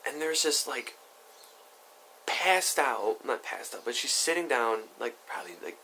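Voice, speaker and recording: A young man vlogging a casual story time, animated and rambling, with many asides. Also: mid-range voice, measured pace, slight background noise, poor audio.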